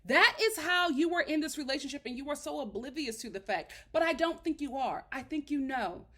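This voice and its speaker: A woman's voice: high-pitched, animated, a little fast, fairly bright tone. A woman reviewing a reality show in casual commentary, sassy and emphatic as she talks the episode through.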